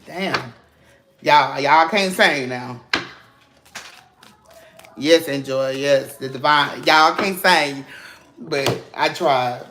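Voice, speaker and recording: With background noise behind him, a man with a medium-pitched voice speaks very slowly, leaving long pauses, as he offers viewers a casual spiritual tarot reading. He curses freely, calls them "baby" and "y'all," and stays emphatic, preachy, and encouraging.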